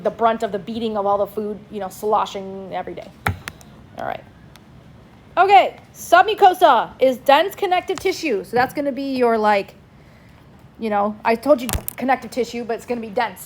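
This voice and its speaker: A woman's voice: high-pitched, a little hiss or hum. A woman teaching a class in a casual, chatty way, prompting students to answer back. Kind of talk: classroom lecture.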